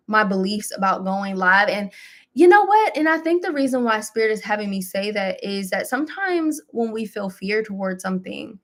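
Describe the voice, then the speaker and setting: A woman hosting a spiritual live stream, talking casually and encouragingly with some laughs and relaxed colloquial phrasing. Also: mid-range voice. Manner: warm, chatty, with laughs, mild self-deprecation and AAVE phrasing.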